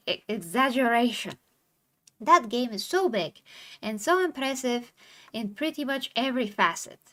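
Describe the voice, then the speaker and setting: A woman hosting a gaming stream, reading an interview aloud in a slightly high voice. She stumbles over tricky names now and then but keeps going. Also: fairly bright tone. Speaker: stream host. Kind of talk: casual chat and reading an article aloud.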